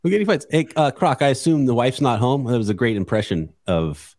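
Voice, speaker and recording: A man's voice: mid-range voice, a little fast, a little mellow, no echo, clean studio sound. A man hosting a sports podcast, talking bluntly and chattily with frequent restarts. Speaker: podcast host. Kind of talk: casual sports chat.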